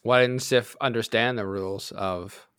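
A man's voice: fairly low pitch, fairly even intonation, normal speed, a bit bright, smooth, dry recording. Dry-sounding man hosting a podcast chat. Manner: steers the talk, wry. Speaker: podcast host. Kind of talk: casual chat.

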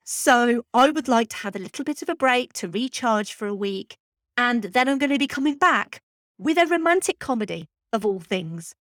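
This is a woman closing out her film podcast, with an eager, chatty manner and a touch of self-mockery. Her voice sits a little high. The recording is close and dry, from a podcast microphone. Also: fairly bright tone, no echo. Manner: chatty, enthusiastic, self-deprecating. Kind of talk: scripted podcast outro.

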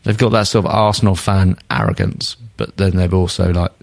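A man with a fairly low voice chatting about football on a podcast. He jokes, swears freely and gets animated when he rants. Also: brisk, vocal fry. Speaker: podcast co-host. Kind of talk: casual football chat.

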